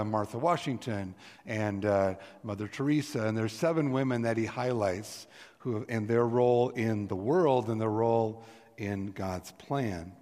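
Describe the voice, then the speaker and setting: Middle-aged man, pastor, earnest sermon delivery with strong emphasis, mid-pitched voice, long church reverb. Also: a little mellow. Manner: earnest, swells with emphasis on key words. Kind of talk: sermon with scripture reading. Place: church sanctuary.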